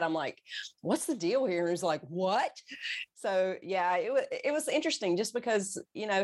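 A woman with a Southern US accent, a guest on a radio talk show, friendly and relaxed. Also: lowish voice. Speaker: guest, Bible study host. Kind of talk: radio interview.

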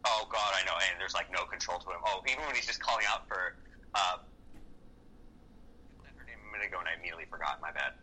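A man co-hosting a casual movie-review podcast, excitable and profane, often acting out lines from the film. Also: sits low, quick pace, pauses often, slightly rough, rough recording. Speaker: podcast co-host.

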